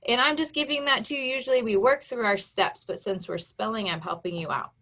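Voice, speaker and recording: A woman's voice: fairly high pitch, brisk, bright, forceful tone. A woman phonics teacher giving a patient online lesson to young children, sounding out syllables and letters step by step. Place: home.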